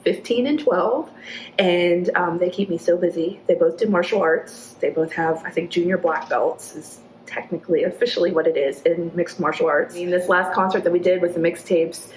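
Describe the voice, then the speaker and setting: A woman, chatting casually in an interview and acting out quotes in a high, laughing voice. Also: moderate pace. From Arkansas, USA. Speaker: executive director of a downtown nonprofit, interview guest. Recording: echoey room with faint ambient noise.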